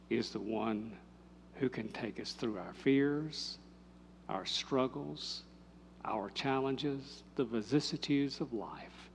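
An older man, a pastor telling a story in a sermon, moving from lively telling to hushed, intimate speech. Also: mid-range voice, slow, gravelly, slight background noise.

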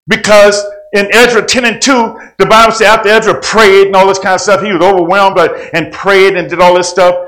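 Preacher guy, kinda high voice, folksy talk, goes quiet then loud. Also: poor audio. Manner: folksy, colloquial speech. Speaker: pastor. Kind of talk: sermon. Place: church.

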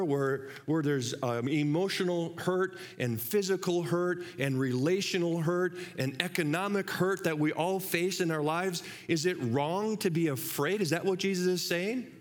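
A man preaching in a church, his voice sitting a little higher than most men's. He talks conversationally and keeps checking in with the congregation through rhetorical questions. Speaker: pastor. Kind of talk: sermon.

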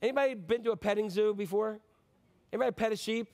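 Male pastor, high voice, chatty and joking Christmas sermon, keeps asking the congregation questions. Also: quick pace, darkish tone. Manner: conversational and joking, asks the audience questions.

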